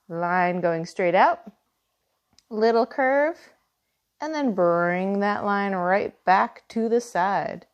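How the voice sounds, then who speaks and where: A woman teaching a step-by-step cartoon drawing lesson, gently guiding through each line. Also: mid-range voice, very slow, lo-fi sound. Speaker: art teacher. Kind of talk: drawing tutorial.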